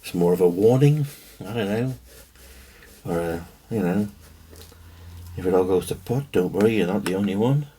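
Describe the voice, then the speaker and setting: Deep-voiced man muttering over his work. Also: lively intonation, normal speed, warm tone, slightly rough. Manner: muttering to himself, rambling. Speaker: watch-building hobbyist. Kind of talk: thinking aloud while working.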